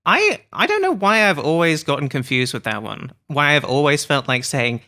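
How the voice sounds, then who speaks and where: Woman podcast host, bright lively voice, jokey and self-mocking. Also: low-pitched, moderate pace. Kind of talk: casual podcast chat.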